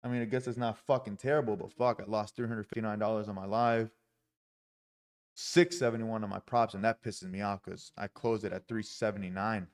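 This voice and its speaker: A man's voice: fairly low pitch, fairly even intonation, a little fast. A man live-streaming his day trading, talking through his trades with heavy swearing and frustrated outbursts.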